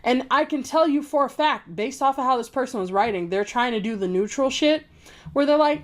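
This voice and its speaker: A woman's voice: high-pitched, fairly quick. A woman ranting to camera in a casual, blunt and profane way, mocking phrases she dislikes with scorn. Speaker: vlogger. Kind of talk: casual opinion rant to camera.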